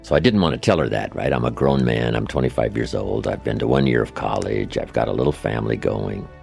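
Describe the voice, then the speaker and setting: Deep gravelly male motivational speaker. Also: brisk, a little mellow, soft background music. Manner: folksy anecdotes with asides to the audience. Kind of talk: storytelling motivational speech.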